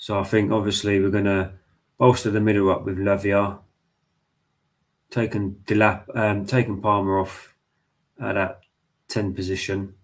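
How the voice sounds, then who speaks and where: This man's voice sits on the low side, moving at a moderate pace broken by long pauses. Streaming a football match live for his audience, he gets excitable, curses frequently, and addresses both the players and the ref directly.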